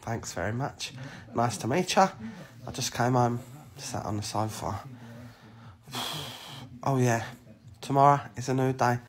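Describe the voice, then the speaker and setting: A chatty man talks to his followers in an easy, joking way, his voice at a middling pitch. Now and then he turns sentimental. Birds chirp in the background. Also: a little slow, long pauses. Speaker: TikTok vlogger. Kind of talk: casual chat to camera.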